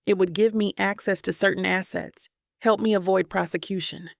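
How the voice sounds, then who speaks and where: A troubled wealthy man confesses in a low, measured voice, read by a woman narrator. A gravelly fry runs under the words. The sound is dry and close. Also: steady tone, no echo, natural voice. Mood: earnest.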